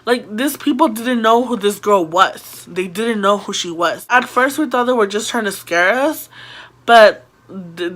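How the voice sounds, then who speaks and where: A woman vlogger spins a story to camera with a bright, sharp edge to her voice. She talks casually and keeps it lively, dropping in fillers and acting out what people said. Her pitch sits in the middle of the usual range. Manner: animated, filler-heavy retelling with quoted voices.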